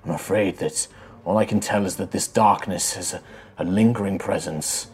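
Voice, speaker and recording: A man voicing a faint spirit that speaks from inside someone's head, soft and sorrowful. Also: sits low, steady tone, normal speed, a little hiss or hum, voice pushed down, natural voice. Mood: grave, sorrowful.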